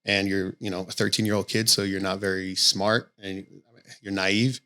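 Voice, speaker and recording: A man's voice: deep voice, flat delivery, normal speed, bright, forceful tone. A man who coaches boxing, telling stories candidly in a casual podcast conversation and swearing often. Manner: candid storytelling with frequent swearing.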